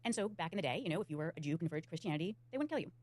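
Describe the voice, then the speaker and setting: A woman's voice: fairly low pitch, expressive, very fast, darkish tone, a little hiss or hum. A woman speaking in a played panel discussion clip, explaining earnestly.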